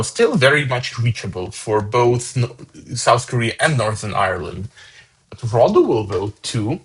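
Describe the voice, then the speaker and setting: A man's voice: mid-range voice, big pitch swings, moderate pace, breathy edge, low-quality recording. A man hosting a fan song contest, casually reading out each voter's points with chatty asides. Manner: casual, chatty, upbeat about scores. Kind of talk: live commentary reading out votes.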